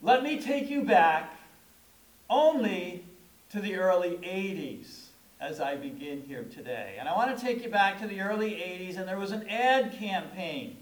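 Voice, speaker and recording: A man's voice: high voice, lively intonation, measured pace. A middle-aged man preaching a sermon as pastor, telling stories in a conversational way and leaning hard on key words. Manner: conversational, storytelling preaching with emphatic stresses. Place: church sanctuary. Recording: echoey room.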